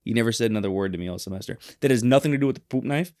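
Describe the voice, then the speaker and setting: A man's voice: medium pitch, rapid-fire, a little mellow. A man co-hosting a podcast in casual chat, rambling with lots of restarts. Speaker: podcast co-host.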